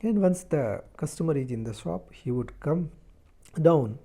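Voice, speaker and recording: Slow, mellow-voiced male teacher explaining a story. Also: a little high, expressive. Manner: reads a sentence, then restates it slowly in simpler words; halting, with repeated words and restarts. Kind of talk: reading a story aloud and explaining it line by line.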